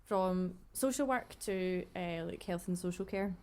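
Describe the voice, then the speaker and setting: A woman's voice: on the low side, measured pace, dark tone, smooth. A Scottish woman co-hosting a podcast, chatting casually in a rambling way and laughing often. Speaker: podcast co-host. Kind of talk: casual chat.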